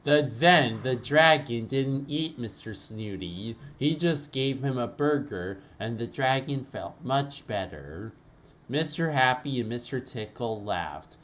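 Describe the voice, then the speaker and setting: A man narrates a cartoon storybook at an unhurried pace. His voice rises and falls in lively swings from line to line. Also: mid-range voice.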